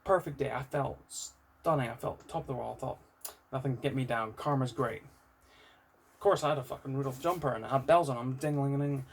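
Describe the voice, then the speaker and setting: A man's voice: medium pitch, fairly quick, gravelly, slight background noise. A man with a British accent, talking candidly and ramblingly in an unscripted personal vlog, with some swearing. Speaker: vlogger.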